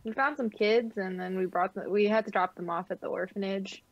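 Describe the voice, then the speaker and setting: A woman's voice: mid-range voice, fairly even intonation, brisk. Giggly woman player on a dull mic. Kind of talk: casual tabletop play.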